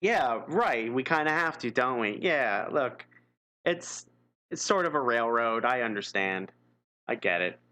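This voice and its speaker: A man's voice: mid-range voice, lively intonation, unhurried, sharp tone. A man streaming live, reading an interactive gamebook aloud and chatting casually, wry and self-mocking with frequent chuckles.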